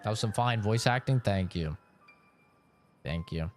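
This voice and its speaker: A man's voice: lowish voice, a little slow, soft background music. A young man streaming a game, chatting casually with chat, joking, laughing and swearing freely. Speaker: gaming streamer. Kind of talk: casual live-stream chat, reading chat requests.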